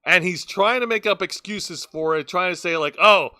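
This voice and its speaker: A man's voice: high-pitched, normal speed, sharp tone, no room sound, studio quality. A man co-hosting a casual wrestling review podcast, rambling through match recaps and stumbling over his words. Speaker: wrestling show co-host.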